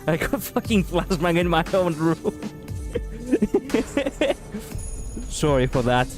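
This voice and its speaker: A young man with a Greek accent streaming a game reaction, excitable, laughing and swearing, jumping between loud outbursts and muttering. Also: a little high, normal speed, over music. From Greece.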